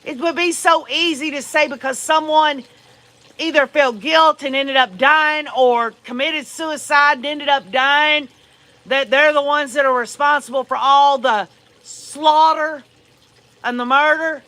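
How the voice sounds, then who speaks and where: A woman's voice: sits high, steady tone, measured pace, bright, forceful tone, no room sound. A woman hosting a livestream, giving blunt, profane, emphatic commentary and talking straight to her viewers. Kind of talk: casual true-crime commentary.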